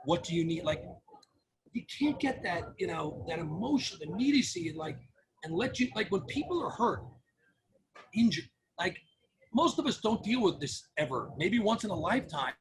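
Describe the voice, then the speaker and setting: A man talking animatedly as a podcast guest, often restarting and acting out phone calls. His voice sits fairly high for a man. A faint hiss of background noise runs under the recording. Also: moderate pace, rough recording. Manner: energetic, restarts often, acts out caller dialogue. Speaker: podcast guest, phone number company founder. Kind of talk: casual interview talk.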